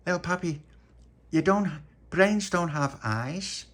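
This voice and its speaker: A man's voice: sits high, lively intonation, takes it slowly, fairly bright tone, pitched above the performer's own voice, heavily acted. Pauline, a man doing a know-it-all girl. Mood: lecturing.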